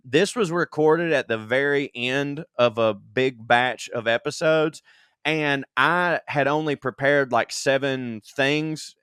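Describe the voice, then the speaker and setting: A man's voice: mid-range voice, fairly bright tone, clear, resonant tone, dry recording, clean studio sound. A self-deprecating man co-hosting a comedy podcast, reading listener emails aloud with laughs and comic asides. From Southern United States. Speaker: podcast co-host.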